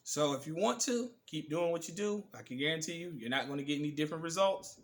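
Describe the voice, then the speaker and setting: A man hosting his own channel, delivering an emphatic, profane, preachy political monologue, slowing down hard to stress key words. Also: on the high side. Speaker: channel host. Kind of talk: ranting political commentary monologue.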